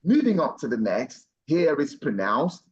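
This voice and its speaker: A man teaching pronunciation in an online class, encouraging and repeating each word slowly several times. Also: a little high, sing-song, lo-fi sound, a little hiss or hum. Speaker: pronunciation coach.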